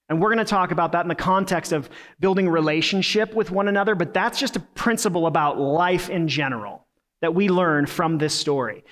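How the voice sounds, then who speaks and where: A man's voice: sits high, a little fast, a bit bright. A man preaching a sermon in an earnest, conversational way, with casual fillers and restarts. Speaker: pastor.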